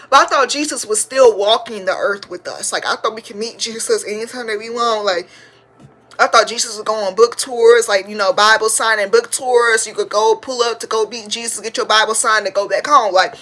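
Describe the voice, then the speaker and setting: A woman in her twenties hosting a podcast, telling a funny story in a chatty, slangy way, sometimes breaking into loud shouted praise. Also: a little high. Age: 20s. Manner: slangy, chatty, addresses listeners as y'all. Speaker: podcast host. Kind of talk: casual storytelling to listeners.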